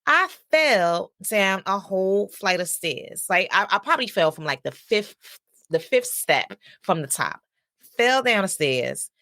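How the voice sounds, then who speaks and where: Chatty woman with a bright, dry voice. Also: medium pitch, big pitch swings, unhurried, dry recording. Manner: chatty, personal, lots of fillers and asides. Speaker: counselor and podcast host. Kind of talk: casual storytelling monologue.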